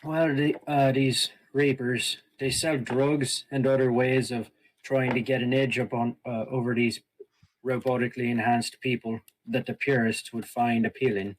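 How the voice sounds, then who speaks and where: A man's voice: medium pitch, level tone, moderate pace, natural voice, poor audio. A man playing a stern streetwise local.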